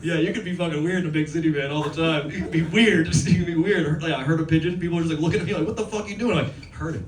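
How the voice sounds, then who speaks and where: A man doing a raucous stand-up set, manic and swearing, shouting his punchlines. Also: on the high side, steady tone, very fast, distant mic, background noise. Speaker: stand-up comedian. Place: live comedy venue with audience. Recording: echoey venue, mic heard from afar, crowd laughter.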